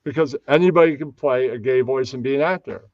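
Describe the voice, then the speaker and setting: A man's voice: medium pitch, quick pace, dull audio. A man hosting a casual live stream, rambling and often losing track of names. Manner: rambling, loses names, puts on mocking voices. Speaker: stream host.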